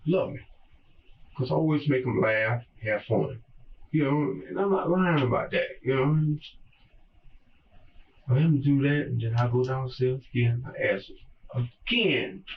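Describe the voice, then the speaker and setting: Older guy in an interrogation room, talks real slow, keeps repeating himself, sounds far off and muffled. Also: mid-range voice, slight background noise. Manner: slow, repetitive, pleading, emotional. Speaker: murder suspect in interrogation. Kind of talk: police interrogation statement.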